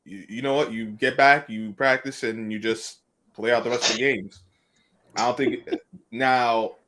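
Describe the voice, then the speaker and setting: A man on a casual sports panel with a mid-range voice. He talks in a measured way and reasons his points through step by step. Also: medium pitch, steady tone, a bit bright.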